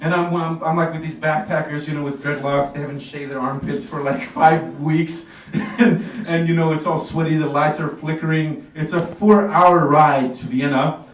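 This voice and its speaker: A man's voice: on the high side, steady tone, moderate pace. A man doing a stand-up comedy set in a small café club, telling loose stories, acting out dialogue and laughing at his own jokes. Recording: echoey café recorded from far off.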